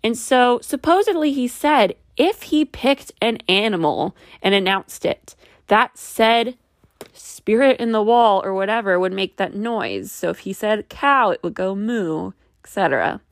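A woman's voice: fairly high pitch, expressive, a little slow, dry recording, clean studio sound. Wry, skeptical woman storyteller. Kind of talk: casual true-mystery storytelling.

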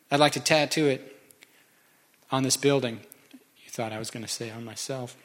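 A man's voice: mid-range voice, steady tone, normal speed, long pauses, fairly bright tone. A man preaching a sermon, conversational and joking with the congregation. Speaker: pastor.

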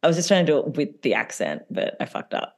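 A woman's voice: sits low, very animated, fast, vocal fry. Giggly, chatty woman. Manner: chatty, giggly, full of filler words. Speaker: podcast co-host. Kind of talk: casual chat recapping reality TV.

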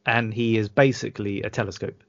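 A man's voice: lowish voice, fairly even intonation, fairly quick, fairly bright tone, dry recording, muffled recording. A British man co-hosting a podcast, rambling drunkenly, swearing and laughing at his own jokes. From Britain. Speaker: podcast co-host. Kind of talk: drunken casual chat.

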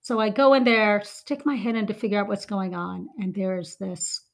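Woman in her forties, podcast co-host, casual chat, storytelling, hesitant ums, mid pitch. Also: moderate pace, gravelly. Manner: animated storytelling with many ums and restarts.

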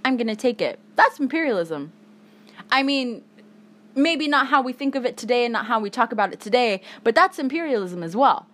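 A woman's voice: fairly high pitch, big pitch swings, moderate pace, a bit bright. A woman hosting a solo podcast, talking angrily with heavy swearing, tired. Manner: angry, heavy swearing, emphatic. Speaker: podcast host.

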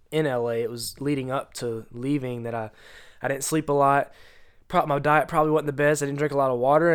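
A man's voice: mid-range voice, a bit bright, smooth. Congested man hosting a casual podcast. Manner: rambling, slangy, self-deprecating. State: congested, stuffy nose. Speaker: podcast host. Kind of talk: casual solo podcast talk.

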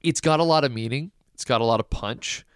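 A man co-hosting a casual podcast, animated and swearing freely as he rates odd old words. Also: mid-range voice, brisk, smooth, no echo, studio quality. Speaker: podcast co-host. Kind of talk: casual chat.

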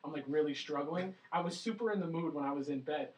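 A man's voice: a little high, quick pace. A young man co-hosting a casual podcast, telling stories with lots of swearing and acting out what others said. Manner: animated storyteller, swears freely, voices others in quotes. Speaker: podcast co-host. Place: small home studio. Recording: roomy, distant mic, poor quality.

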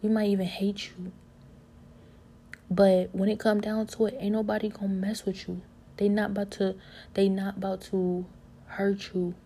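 A woman telling a personal story in a casual, earnest way, with loose informal grammar, often dropping to a soft whisper. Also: mid-range voice, level tone, normal speed, pauses often, slight background noise.

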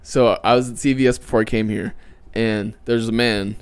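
A man's voice: fairly low pitch, steady tone, moderate pace, clear, resonant tone. A young man hosting a casual podcast with friends, telling rambling stories and laughing often. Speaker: podcast host.

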